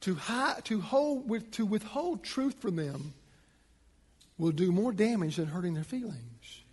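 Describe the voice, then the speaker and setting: A pastor with a high, light voice delivers an emphatic sermon, pressing his points with rising force. His words ring out with a long reverb, as in a large hall. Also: very animated, unhurried, darkish tone, breathy edge. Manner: emphatic, rising to a preaching pitch.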